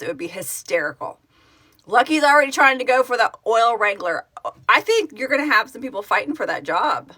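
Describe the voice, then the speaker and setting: A woman who founded a fan project, hosting a casual live stream, answering viewers' comments in an excitable, gushing way and laughing often. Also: mid-range voice, slightly rough.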